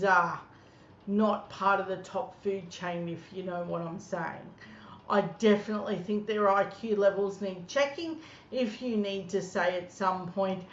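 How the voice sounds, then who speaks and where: A woman's voice: medium pitch, fairly even intonation, unhurried. Angry woman ranting, echoey room. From Australia. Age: 30s. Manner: angry, scornful, blunt. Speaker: political commentator. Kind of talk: ranting political commentary. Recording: echoey room, dull lo-fi sound, faint noise.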